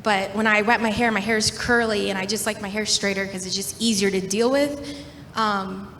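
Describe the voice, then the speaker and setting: A young woman sharing her own experiences in a casual, relaxed way, with lots of "like"s. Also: normal speed. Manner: relaxed, filler-heavy talk with many "like"s. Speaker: panel speaker. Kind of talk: casual personal testimony. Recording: echoey hall with faint rumble.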